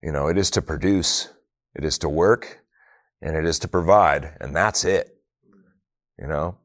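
A man's voice: a bass voice, measured pace, fairly bright tone, no room sound, studio quality. A middle-aged man leading a prayer, then telling personal stories with humor and earnest reflection at a faith talk. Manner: humorous, earnest, acts out family dialogue.

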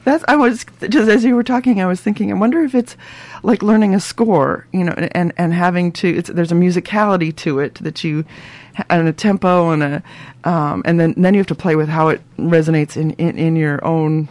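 A woman hosting a radio arts interview, asking musing, halting questions. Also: lowish voice, a little mellow, dry recording. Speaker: radio host.

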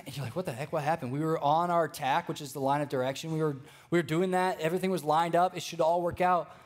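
A young man preaching a sermon, telling stories with lively energy and speaking straight to the congregation. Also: a little high, fast. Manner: storytelling, animated, addresses congregation directly.

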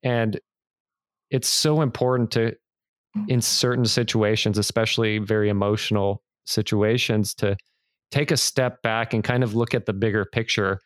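A man hosting a podcast interview, responding in an appreciative, measured way. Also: fairly low pitch, fairly even intonation, clean tone, no echo, clean studio sound. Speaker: podcast host. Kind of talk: interview conversation.

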